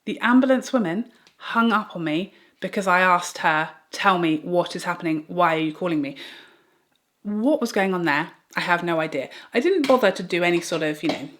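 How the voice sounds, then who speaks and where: A woman's voice: on the low side, a bit bright. A woman vlogger telling a personal story in a get-ready-with-me video, in an earnest, chatty way full of "like". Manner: chatty, earnest retelling with many "like"s.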